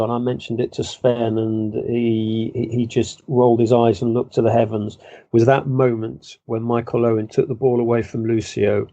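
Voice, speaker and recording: Gravelly, mellow-toned man. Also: medium pitch, dry recording. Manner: measured, self-deprecating, frequent restarts. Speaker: football journalist guest. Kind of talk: reflective interview answers. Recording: dull lo-fi dry sound.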